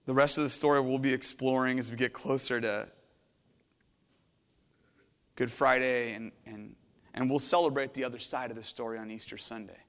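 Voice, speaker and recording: A middle-aged man preaching a sermon as a pastor, earnest and emotional, swinging from hushed to intense. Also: mid-range voice, steady tone, normal speed, pauses often, in a large hall. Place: church sanctuary.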